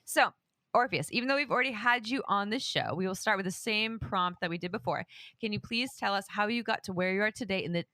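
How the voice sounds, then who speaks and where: A woman's voice: mid-range voice, fast, pushed and bright, no echo. A woman co-hosting a podcast in casual chat, frank and laughing often, with many fillers. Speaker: podcast co-host.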